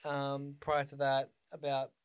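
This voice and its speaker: A man's voice: mid-range voice, monotone, unhurried, smooth, no room sound, studio quality. A man in casual podcast chat, making blunt, argumentative points with some swearing.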